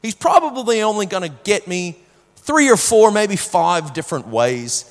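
A man preaching in a large hall, his slightly high voice trailing off into long reverb. He tells his story emotionally, dropping to a hush and then rising loud, and often repeats a word as he starts a sentence. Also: sing-song, unhurried. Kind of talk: sermon with personal testimony.

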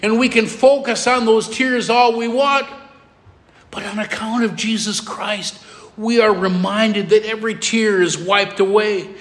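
Middle-aged male pastor, high-pitched, repetitive emphatic sermon delivery. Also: steady tone, measured pace. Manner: emphatic repetition, soft drops for emotional moments. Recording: long hall reverb.

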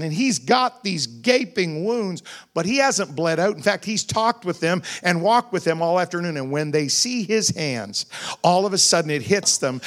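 His voice is fairly high and fairly bright as this pastor turns scripture into a dramatic story during his sermon. The telling stays conversational, with funny asides along the way.

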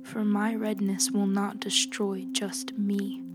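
A woman as a soft-spoken, calm young healer. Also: mid-range voice, lightly acted. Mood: gentle. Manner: soft, calm, measured speech. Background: music.

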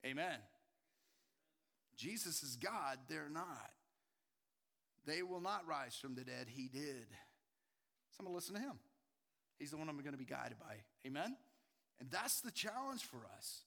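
Guy preaching a sermon, high bright voice, gets loud then goes quiet for effect. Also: very animated, unhurried, vocal fry, long pauses, in a large hall. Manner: impassioned, swings between loud urgency and hushed emphasis. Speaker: pastor.

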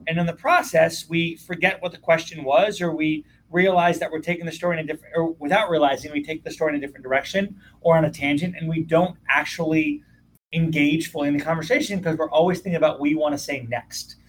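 A man's voice: fairly high pitch, steady tone, quick pace, rough recording. A younger man, a therapist, talking earnestly in a casual podcast chat, often restarting his phrases. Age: young adult.

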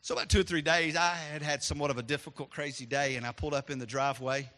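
A man preaching a sermon as pastor, animated and storytelling, dropping to a hush and then rising loud. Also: a little high, quick pace, big-room sound.

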